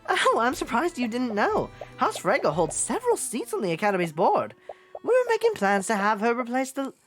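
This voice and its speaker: A woman voicing a haughty young noblewoman student in a game, using a high falsetto and a put-on British accent, with lofty, dismissive talk. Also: huge pitch swings, normal speed, over music. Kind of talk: voicing a visual novel character.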